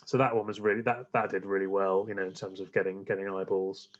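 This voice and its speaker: A man's voice: low-pitched, level tone, quick pace, dull audio. A man, a guest on a podcast, chatting casually and rambling with many fillers and restarts. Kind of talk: casual interview chat.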